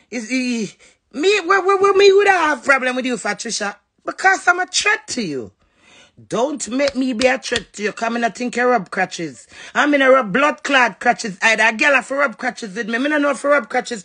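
Raspy high-voiced Jamaican woman ranting. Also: sharp tone. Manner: cussing, confrontational, scolding. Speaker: social media livestreamer. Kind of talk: heated livestream rant.

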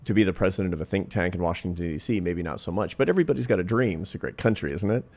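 A man's voice: deep voice, expressive, very fast, darkish tone. A man in his fifties, a social scientist and interview guest, earnestly telling a personal anecdote in conversation. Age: 50s. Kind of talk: reflective storytelling in conversation.

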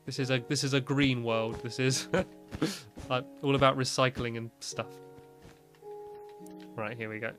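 A man's voice: mid-range voice, steady tone, a little slow, long pauses, a bit bright, faint music behind. A man giving casual, rambling gameplay commentary, with lots of "like" fillers and light laughs. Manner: chatty and rambling, with frequent "like" fillers and small laughs. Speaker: gaming video host.

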